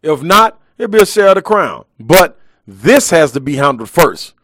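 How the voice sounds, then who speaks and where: A man's voice: a little high, sing-song, normal speed, fairly bright tone, no room sound, studio quality. A man hosting a live sports talk show, ranting emphatically in heavy slang.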